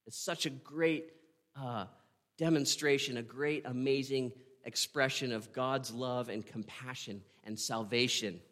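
A man's voice: mid-range voice, fairly even intonation, a bit bright. Earnest man preaching a sermon. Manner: earnest storytelling, dramatic pauses, asks the listener "right?". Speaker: pastor.

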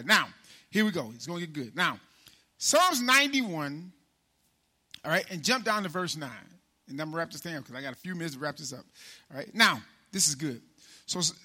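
High, bright-voiced preacher man. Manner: preaching with loud call-and-response swells and sudden hushed drops; casual, folksy with repeated "man" and "right?". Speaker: pastor. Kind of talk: sermon.

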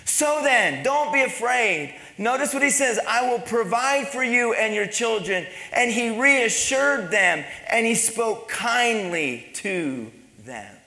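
A pastor delivering a sermon to his church, swinging between hushed, low passages and raised, emphatic ones. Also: animated, slow pace, few pauses. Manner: preaching with dynamic swings between soft and loud. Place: church sanctuary. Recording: echoey church hall.

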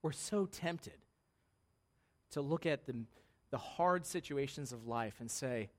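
A man in his thirties preaching a conversational sermon in a church, lively and laughing, often asking the congregation "right?". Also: mid-range voice, slow pace. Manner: conversational, animated, laughing, many tag questions. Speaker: pastor. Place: church sanctuary.

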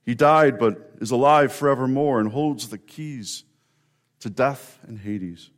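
A middle-aged man delivering an Easter sermon. His voice sits at an ordinary pitch, and he speaks earnestly. He pauses between phrases and builds emphasis as he tells the story. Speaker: pastor.

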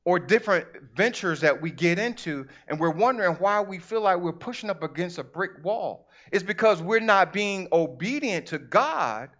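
High-voiced preacher man, conversational sermon. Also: moderate pace, few pauses, muffled recording. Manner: animated, conversational preaching with acted asides. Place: church.

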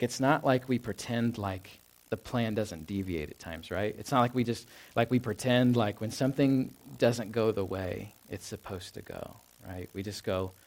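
A man in his thirties gives a sermon in a church, and his voice sits a little low. He talks in an easygoing, personal way, with fillers and restarts scattered through. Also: a little mellow. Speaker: pastor. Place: church sanctuary.

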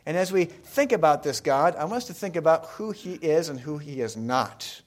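A man's voice: on the high side, lively intonation, moderate pace. A man preaching a sermon, talking casually with the congregation and asking them questions. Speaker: pastor.

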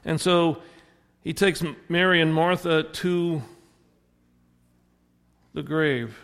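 A man's voice: a little high, steady tone, slow pace, fairly bright tone. A man preaching a sermon as a pastor, retelling a story and acting out the characters' lines. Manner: storytelling, voicing the characters in quotes. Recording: long hall reverb.

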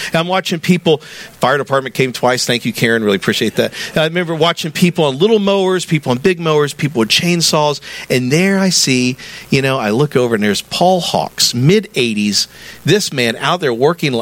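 Pastor guy, middle-aged, preaching a chatty sermon in church, mid pitch, gets fired up. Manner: conversational, animated preaching with rising emphasis. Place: church sanctuary.

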